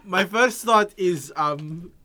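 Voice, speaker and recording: A man's voice: high-pitched, slow, sharp tone. A man co-hosting a casual comedy podcast who laughs easily and fumbles for his words. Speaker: podcast co-host.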